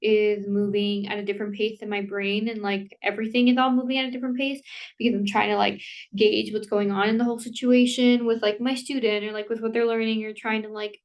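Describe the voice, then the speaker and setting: A woman's voice: mid-range voice, level tone, dull audio. A woman vlogger rambles through a casual rant, breaking off mid-thought and apologizing as she goes. Her voice sits in an ordinary middle register and comes across slightly distant from the microphone. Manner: rambling, self-interrupting, full of "like" and quick apologies; laughs between thoughts. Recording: voice somewhat distant from the mic.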